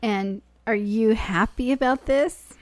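A woman's voice: a little high, slow, a little mellow. Female podcast co-host, casual, playful, with dry sarcasm. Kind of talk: casual chat.

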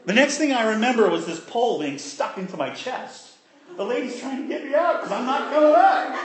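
A man preaching a sermon, telling a childhood story with animated voices and sound effects. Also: extremely high pitch, a little fast, a little hiss or hum. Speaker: pastor.

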